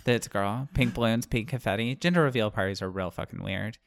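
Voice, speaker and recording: Man, podcast co-host, gravelly voice, dry jokey interjections, close dry sound. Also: lowish voice, fast, no echo. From American South. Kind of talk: casual chat.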